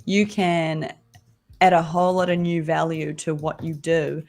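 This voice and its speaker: A woman's voice: sits low, little pitch movement, a little slow, creaky, a little mellow. A young woman designer chatting casually while she draws on a livestream, thinking aloud as she goes. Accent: Australian-sounding but not Australian. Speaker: designer guest.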